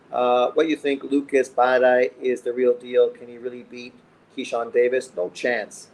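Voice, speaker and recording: Profane, joking Canadian man, mid-pitch. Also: flat delivery, normal speed, darkish tone, a little hiss or hum, low-quality recording. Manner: profane, blunt, joking banter. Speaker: livestream boxing host. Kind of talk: casual livestream chat reading comments. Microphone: streaming mic.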